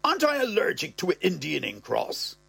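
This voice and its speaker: A man voicing a nervous, pompous old man in a comic story reading, with a high, strained put-on voice. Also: huge pitch swings, normal speed, vocal fry, a bit bright, breathy edge, dry recording, full character voice. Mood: pleading, gushing. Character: anxious old man, pleading then pompous.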